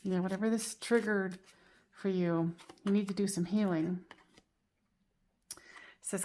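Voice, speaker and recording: A woman's voice: mid-range voice, steady tone, unhurried, long pauses, warm tone, a little hiss or hum. A woman giving a casual tarot card reading to camera, chatty and reassuring, often saying "you know" and "like". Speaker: tarot reader.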